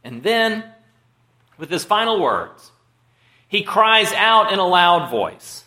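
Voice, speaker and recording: A man delivers a sermon in a high, bright voice. He speaks slowly and deliberately, pausing for weight. The sound rings around an echoey room. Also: sing-song. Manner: slow, measured preaching with dramatic pauses. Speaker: pastor.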